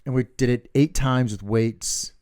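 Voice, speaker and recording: A man's voice: mid-range voice, fairly even intonation, unhurried, a little mellow, clear, resonant tone, dry recording, studio quality. A middle-aged man co-hosting a podcast, telling a rambling, swear-filled story in casual chat. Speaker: podcast co-host.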